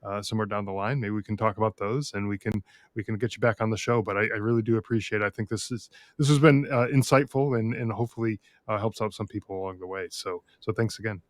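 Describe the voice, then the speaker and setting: A man hosts a podcast in relaxed conversation, his voice sitting a little low. He talks in a friendly, loose way, full of ums and restarts. The sound is dry and close, with almost no room on it. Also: fast talker, no echo. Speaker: podcast host. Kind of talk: casual interview chat.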